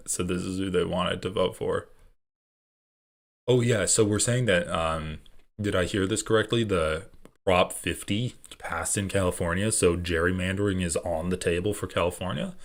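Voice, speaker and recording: A man's voice: deep voice, normal speed. Sarcastic, swearing male streamer. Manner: sarcastic, profane, laughs often. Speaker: streamer reacting to clips. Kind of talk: casual live-stream commentary.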